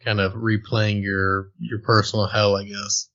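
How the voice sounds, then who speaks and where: A man's voice: fairly low pitch, flat delivery, unhurried, fairly bright tone, highs cut off. A man co-hosting a casual game review podcast, mostly chiming in with short, laid-back replies. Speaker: podcast co-host.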